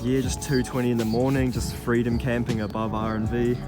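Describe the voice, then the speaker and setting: A man's voice: medium pitch, little pitch movement, a little fast. A young man telling a story to camera in a laid-back, slangy, sweary way. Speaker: vlogger. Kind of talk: casual storytelling. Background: background music.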